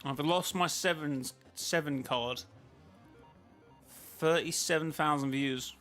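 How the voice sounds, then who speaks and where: A gaming streamer, a man, chats casually with viewers while playing, rambling and interrupting himself. His voice is a little high and fairly bright, and he talks slowly, with faint music in the background.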